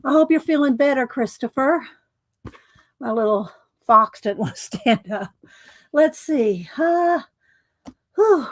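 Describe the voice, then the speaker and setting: A woman's voice: high-pitched, lively intonation, slow, pauses often. A middle-aged woman hosting a casual livestream, chatting in a rambling way, laughing often and greeting her viewers. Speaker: livestream host.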